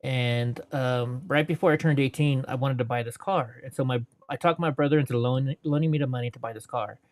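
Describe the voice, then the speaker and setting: A little fast, with a steady tone at medium pitch, a man in his forties narrates long stories for a casual interview. His telling rambles and doubles back on itself, he laughs between anecdotes, and he voices the people he quotes.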